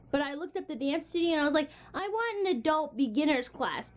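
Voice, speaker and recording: A woman's voice: high-pitched, animated, moderate pace. A woman in her twenties talking casually to the camera in a vlog, chatty and exasperated, laughing between lines. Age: 20s. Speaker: vlogger.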